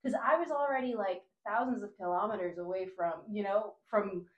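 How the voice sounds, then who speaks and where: A woman from Honduras, a podcast guest, telling a travel story in casual chat, animated, with frequent laughs, fillers and restarts. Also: medium pitch, moderate pace, echoey room, phone-quality sound.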